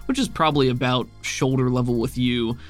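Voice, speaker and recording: A man narrating a tabletop game as game master in a relaxed, descriptive way with many fillers. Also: medium pitch, a little fast, soft background music.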